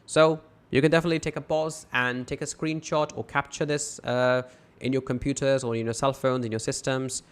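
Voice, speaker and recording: A man's voice: mid-range voice, steady tone, fairly quick, smooth. A man gives a casual online English grammar lesson, reading example sentences aloud and then talking them through. He leans on fillers such as "you know" and "right?" as he goes. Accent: South Asian English.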